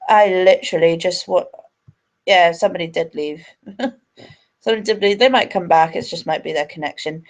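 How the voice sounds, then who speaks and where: A woman's voice: fairly low pitch, fairly quick, pauses often. A woman hosting a live stream, angry, sweary and ranting. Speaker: livestream host.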